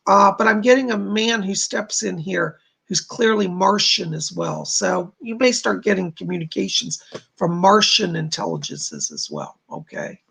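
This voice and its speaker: A man's voice: high-pitched, vocal fry, bright, forceful tone, slightly rough. A man hosting a livestream, giving psychic readings to viewers, reassuring and chatty with many fillers. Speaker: psychic medium host.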